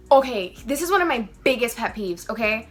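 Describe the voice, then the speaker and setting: A young woman chatting casually as a beauty vlogger while doing her makeup, animated and playfully ranting. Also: on the high side, a little fast. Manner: chatty and animated, rants playfully with emphatic emphasis.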